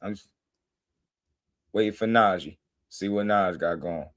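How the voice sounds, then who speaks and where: A man hosting a casual boxing live stream, talking loose and slangy and shouting out viewers in the chat. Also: fairly low pitch, a little slow.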